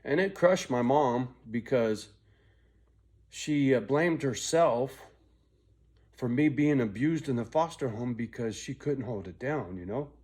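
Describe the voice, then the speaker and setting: Middle-aged male vlogger, profane and confiding, mid-pitched, rambling storyteller. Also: animated, unhurried, darkish tone, slightly rough. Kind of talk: personal storytelling vlog.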